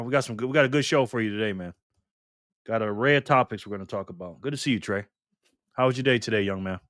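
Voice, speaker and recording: A man's voice: fairly high pitch, a bit bright, clean tone, no echo, studio quality. Upbeat man hosting a live stream. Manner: upbeat, greets viewers by name. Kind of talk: casual live stream chat.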